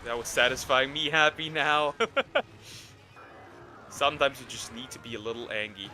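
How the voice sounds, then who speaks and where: A young man streaming a game, chatting casually, cursing and yelling in bursts at the monster he fights. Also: medium pitch, normal speed, slight background noise. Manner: excitable, swears, yells at the game. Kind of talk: casual gaming commentary.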